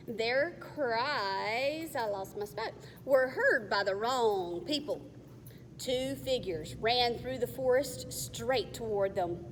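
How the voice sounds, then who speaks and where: A woman reading a children's novel aloud in a careful, measured way. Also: a little high. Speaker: narrator. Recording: faint long reverb, faint hiss.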